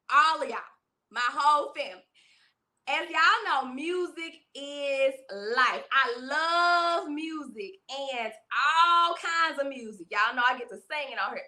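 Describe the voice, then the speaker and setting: A woman hosting a live music interview stream, chatting excitedly with her viewers, laughing often and calling them y'all while seated in a chair. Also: sits high. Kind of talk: livestream chat with viewers.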